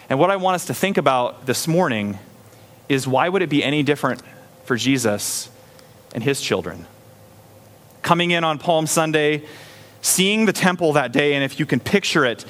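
A man's voice: a little high, a bit bright. A man preaching a sermon in a conversational way, acting out little scenes with a raised voice. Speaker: pastor.

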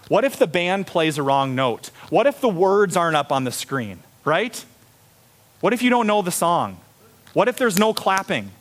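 A middle-aged male pastor preaching a sermon, animated, acting out little voices of the people in his stories. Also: a little high. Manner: animated, acts out voices of kids and students.

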